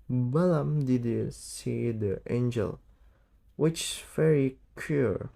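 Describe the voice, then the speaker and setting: Slow, halting student. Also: male voice, medium pitch, creaky, mellow, faint music behind. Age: late teens. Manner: halting, misreads words, stumbles. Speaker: student reading an audiobook. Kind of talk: read-aloud narration of a novel.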